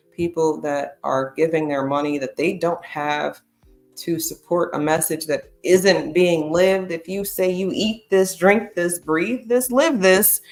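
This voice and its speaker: A woman's voice: on the low side, creaky. A woman hosting a casual commentary, talking bluntly and emphatically with lots of profanity. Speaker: commentary host.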